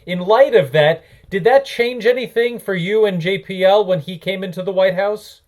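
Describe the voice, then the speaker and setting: A man's voice: high-pitched, moderate pace, darkish tone. A male interviewer asking long, carefully framed questions in an oral history interview.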